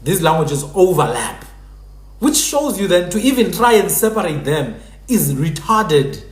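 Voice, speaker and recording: A man's voice: sits high, sing-song, a little slow, reverberant. A man hosting a live stream, explaining in a casual lecturing way and repeating sounds to demonstrate them. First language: Sephuthi.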